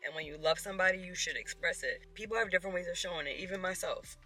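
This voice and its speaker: A man's voice: high voice, fast, pushed and bright, faint music behind. A male vlogger talking openly and emotionally to his viewers in a personal video. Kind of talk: personal vlog talk to camera.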